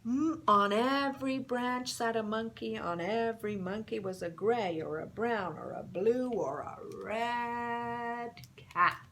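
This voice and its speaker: A woman storyteller reading a picture book aloud, slow and expressive, dropping to a whisper for suspense. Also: a little high, slight background noise.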